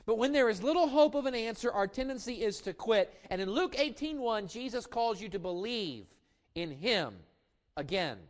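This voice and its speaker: A middle-aged pastor delivers an impassioned sermon in a notably high male voice. He stretches key lines out slowly, then falls back to soft asides. Now and then he stumbles into a stammered restart as he builds. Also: expressive. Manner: impassioned preaching with slow drawn-out emphasis and sudden drops to quiet asides.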